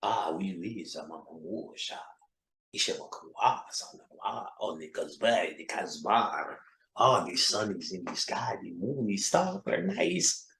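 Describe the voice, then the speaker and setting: A man putting on a suave French seducer's voice, murmuring in a breathy, mock-romantic hush. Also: low voice, animated, measured pace, voice pushed down, heavily acted. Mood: seductive. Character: suave whispering fake-French male seducer. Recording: roomy echo.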